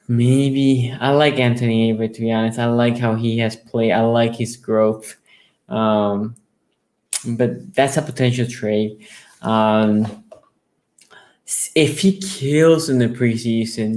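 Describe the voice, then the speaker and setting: A man hosting a casual sports talk show, reading viewer comments aloud and answering them. He rambles and restarts his sentences, then bursts into high, excited storytelling. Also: slow. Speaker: sports talk show host taking callers.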